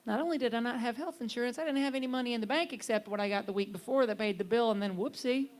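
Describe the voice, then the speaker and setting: A middle-aged woman minister giving a conversational, earnest sermon, sometimes lifting her voice for emphasis and sometimes dropping to a hush. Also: on the high side, very fast. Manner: earnest, conversational, swings from bright emphasis to soft hushed lines.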